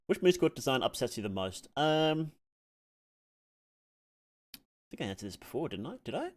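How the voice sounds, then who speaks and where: A man's voice: mid-range voice, big pitch swings, moderate pace, long pauses. A man streaming a game live, swearing at setbacks and rambling through chat questions with many fillers. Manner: swears freely and reacts loudly to in-game deaths. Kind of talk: live gameplay commentary, answering chat.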